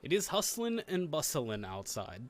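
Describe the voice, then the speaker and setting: A man's voice: a little high, wildly swooping pitch, moderate pace. A man running a tabletop game as game master, joking and rambling as he narrates. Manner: joking, rambling, self-correcting.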